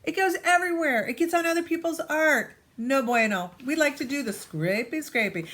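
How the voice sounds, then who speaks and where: A woman art teacher talks to young students in a playful, lively classroom manner. Her voice sits a little high for a woman. It is recorded on a tablet or phone camera in a school art room. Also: moderate pace, hardly any pauses. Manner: playful, animated teacherly delivery. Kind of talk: children's art lesson.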